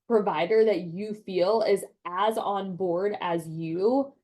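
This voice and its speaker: A woman's voice: medium pitch, slow, mellow. A woman guest sharing a personal birth story in casual conversation, emphatic and frank. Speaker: podcast guest.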